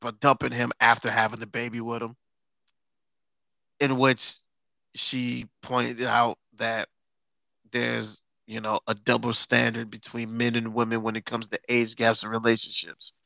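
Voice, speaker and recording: A man hosting a podcast in casual chat, sarcastic and quick to laugh, stretching words for emphasis. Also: medium pitch, monotone, gravelly, bright, forceful tone, dry recording. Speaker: podcast host.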